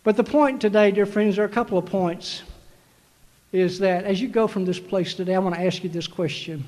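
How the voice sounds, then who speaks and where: High-voiced preacher in a reverberant hall. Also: male voice, fairly quick, a little mellow. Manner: emphatic, repetitive exhortation. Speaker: commencement preacher. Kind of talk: sermon.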